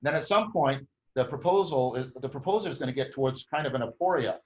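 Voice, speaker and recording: A man's voice: mid-range voice, expressive, fast, muffled recording. A man hosting a conversation, explaining a group process at length with many restarts and frequent tag questions. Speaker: host.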